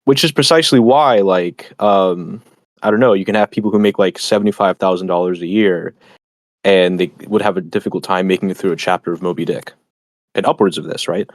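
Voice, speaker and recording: A man's voice: low-pitched, a little fast, dry recording. A man hosting a stream, chatting casually about philosophy and academia in a rambling, digressive, lecturing way with many fillers. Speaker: streamer host.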